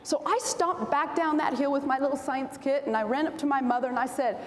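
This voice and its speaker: Woman, 40s, keynote speaker, animated storytelling, high voice, roomy hall reverb, faint ambience. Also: fairly quick, few pauses, a little hiss or hum. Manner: animated, acts out voices in anecdotes. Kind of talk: storytelling convention speech. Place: large convention hall.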